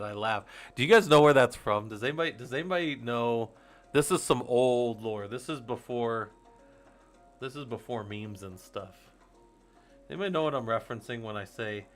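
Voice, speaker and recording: A man's voice: mid-range voice, normal speed, a bit bright, faint music behind. A man in his forties hosting a casual livestream, rambling to his viewers, laughing often and swearing casually. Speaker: host of a Linux user group stream.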